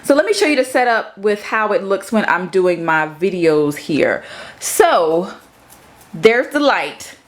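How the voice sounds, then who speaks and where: Very animated but a little slow, this thirtysomething vlogger playfully walks viewers through her home office studio. She chats with the camera, and sometimes turns to her cat with squeaky baby-talk.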